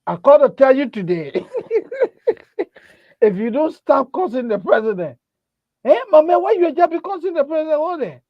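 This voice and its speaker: A man's voice: extremely high pitch, very animated, a little slow, long pauses, dry recording, lo-fi sound, full character voice. A man playing a blustering man who makes threats by phone and then panics, in a comedy skit. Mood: threatening. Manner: loud, bossy street talk that turns to frantic exclaiming.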